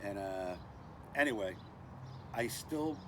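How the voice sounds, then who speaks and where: A man's voice: lowish voice, expressive, takes it slowly, noisy background. An older man hosting a casual knife and gear review vlog, chatty and self-deprecating with lots of "uh" and "anyway.". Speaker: knife review channel host.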